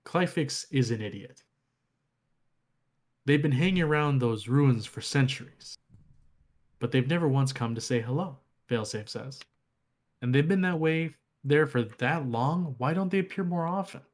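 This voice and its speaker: A man's voice: medium pitch, expressive, a little slow, long pauses. A man co-hosting a podcast, casually retelling game lore and reading passages aloud, with some fillers. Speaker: podcast co-host.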